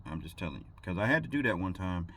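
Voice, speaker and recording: A man's voice: deep voice, animated, fast, pushed and bright, a little hiss or hum. A man, a truck driver, telling a story in a rambling, casual way and laughing between thoughts.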